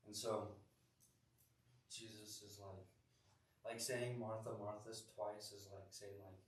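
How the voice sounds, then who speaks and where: A man's voice: fairly low pitch, steady tone, slow, long pauses. A young man leading a youth group sermon in a church room, chatty and rambling with many self-corrections. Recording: echoey room, distant mic.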